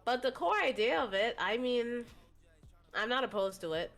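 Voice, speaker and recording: A woman's voice: fairly high pitch, animated, moderate pace, a bit bright, faint music behind. A young woman as a podcast guest in casual chat, frank and thoughtful as she gives her views. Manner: frank, thoughtful, candid opinions.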